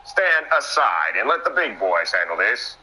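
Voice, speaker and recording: A young man doing excitable play-by-play commentary on a wrestling match, often breaking into sudden exclamations. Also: lowish voice, moderate pace, slightly rough, rough recording.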